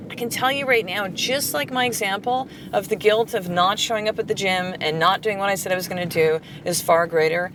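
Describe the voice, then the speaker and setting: A woman's voice: mid-range voice, fairly quick, few pauses, noisy background. A woman hosting a solo motivational podcast as a life coach, talking bluntly with swearing and repeated rhetorical questions.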